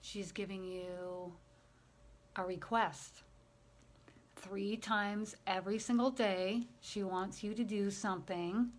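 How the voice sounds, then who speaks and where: A woman working as a spiritual medium, passing on messages in a gentle, emotional way during a channeling session. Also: mid-range voice.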